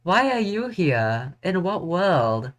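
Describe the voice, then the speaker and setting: A streamer reading game dialogue and putting on a flustered, posh British-style gentleman with an exaggerated drawl. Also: medium pitch, very animated, slow, pitched above the performer's own voice. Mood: bewildered. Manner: exaggerated posh drawl, repeats "my dear fellow".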